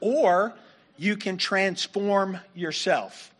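A man's voice: high-pitched, very slow, a bit bright. A man preaching a sermon as pastor, conversational and self-deprecating, and a little worn as he is losing his voice.

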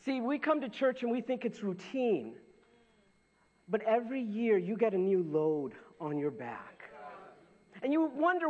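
A man with a high, unhurried voice preaches a sermon as a pastor, telling stories in an animated way with many restarts and repetitions. The recording sounds dull and lo-fi.

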